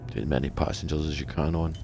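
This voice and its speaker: Deep-voiced game streamer. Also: male voice, fast talker, gravelly, over music. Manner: chatty, excitable, swears freely. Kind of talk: casual live-stream chat.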